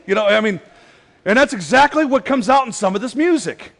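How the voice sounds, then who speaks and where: A man's voice: sits high, brisk, gravelly. A man preaching a sermon as pastor, conversational and joking, telling stories with quoted voices. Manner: conversational, joking, animated storytelling. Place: church sanctuary. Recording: church hall reverb.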